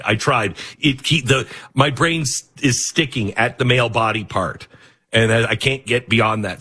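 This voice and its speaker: A man's voice: medium pitch, sharp tone, slightly rough. A man hosting a talk show, giving casual, mocking commentary that he breaks with laughs at his own jokes. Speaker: show host.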